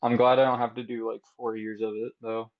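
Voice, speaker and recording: A young man co-hosting a podcast, chatting casually, animated and quick to laugh. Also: mid-range voice, dull audio. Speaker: podcast co-host. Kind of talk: casual chat.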